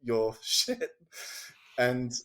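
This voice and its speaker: A man's voice: medium pitch, very animated, a bit bright. Man telling a parenting story casually. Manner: storytelling, acting out quoted speech; halting, restarts sentences. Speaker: podcast guest. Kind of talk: casual conversation.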